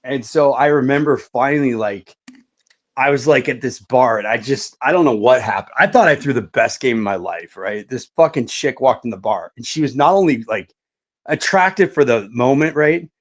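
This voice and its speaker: A man's voice: medium pitch, lively intonation, normal speed. A middle-aged man telling a story in casual podcast chat, swearing a lot and saying "like" and "right" often.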